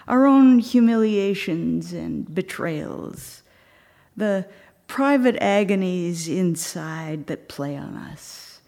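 Soft-spoken woman preaching slowly. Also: fairly low pitch, expressive, creaky. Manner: reflective, slows and drops to a near whisper at times. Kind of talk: sermon with storytelling.

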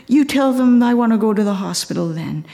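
A woman voicing a frightened armed man in crisis, pleading in rushed bursts. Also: a little high, animated, gravelly, warm tone. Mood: anxious.

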